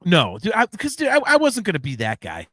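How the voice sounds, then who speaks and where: A man hosting a podcast, telling a long casual story in a rambling, excited way with plenty of casual swearing. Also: sits high, a little fast, no echo, clean studio sound. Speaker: podcast host.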